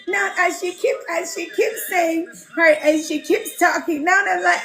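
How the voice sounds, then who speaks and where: High-voiced woman chatting on a livestream. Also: steady tone, measured pace, few pauses, fairly bright tone, faint music behind. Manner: chatty, laughing, greets viewers by name. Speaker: livestream host and home care business mentor. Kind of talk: casual livestream chat reading viewer comments.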